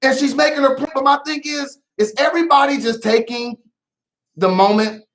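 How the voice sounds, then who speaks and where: A man hosting a casual news commentary show, talking in an animated, teasing way with laughing asides. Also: extremely high pitch, normal speed. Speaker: host.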